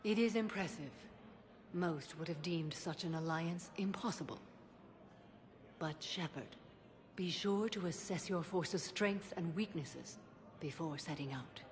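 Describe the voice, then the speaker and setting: An actress playing a stern, solemn alien warrior woman who speaks in a calm, formal, restrained way. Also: on the low side, unhurried, lightly acted.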